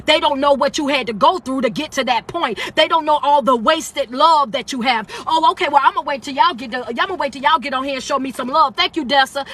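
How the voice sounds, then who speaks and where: Woman life coach on a phone livestream, emphatic call-and-response preaching, high voice. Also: bright, forceful tone. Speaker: motivational speaker. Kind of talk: live-stream motivational talk.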